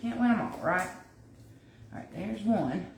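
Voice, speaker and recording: Working on a craft project live from her home kitchen, a chatty woman talks viewers through each step and thinks out loud. She speaks animatedly but a little slowly, at an ordinary pitch, picked up from a distance in an echoey room with faint noise underneath.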